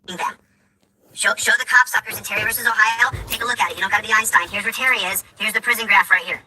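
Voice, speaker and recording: Fast-talking man ranting. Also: high-pitched, steady tone, pushed and bright, slight background noise, poor audio. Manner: fast, repetitive, emphatic ranting. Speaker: video commentator. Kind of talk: ranting commentary.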